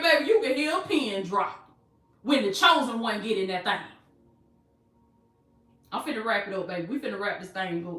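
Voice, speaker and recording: A woman's voice: on the high side, sharp tone, echoey room, distant mic. A woman preaching a motivational sermon, repeating her phrases and calling listeners baby.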